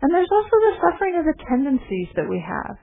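Brief: middle-aged woman teacher, gentle reflective dharma talk, tinny phone-like sound. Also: high voice, very animated, fast, gravelly. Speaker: meditation teacher.

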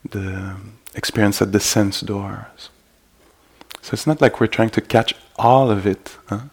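Meditation teacher, male, low and even-toned, gravelly, hesitant delivery. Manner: halting, full of fillers and gentle asides. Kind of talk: dharma talk. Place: meditation retreat hall.

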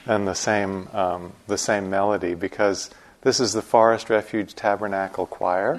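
A middle-aged man giving morning instructions at a meditation retreat, unhurried and gently joking as he explains a chant. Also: on the low side. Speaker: meditation teacher.

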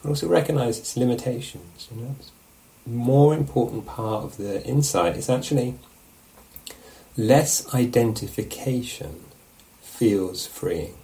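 A man teaching meditation, giving a relaxed, musing dharma talk at a retreat and often checking in with his listeners. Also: mid-range voice, normal speed, creaky, few pauses, low-quality recording. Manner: reflective, musing, asks questions of the listeners. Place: meditation hall.

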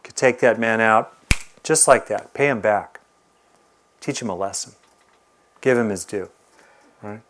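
A man teaching a meditation class, telling stories in a lively, animated way. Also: on the low side, unhurried, pauses often, slight background noise. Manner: animated storyteller. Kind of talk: dharma talk with storytelling.

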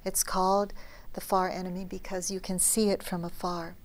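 A middle-aged woman meditation teacher giving a dharma talk at a retreat, telling stories gently and often dropping to a soft near-whisper. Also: fairly low pitch, flat delivery, normal speed.

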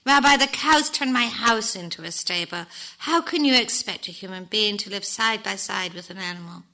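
A woman's voice: mid-range voice, normal speed, bright, forceful tone, natural voice. A woman voicing a poor, desperate man who pleads and laments as she reads a story aloud in a talk. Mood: wailing.

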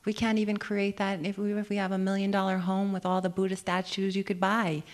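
A woman meditation teacher giving a dharma talk on retreat, gentle and reflective, often asking questions and laughing easily. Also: mid-range voice, completely flat delivery, brisk.

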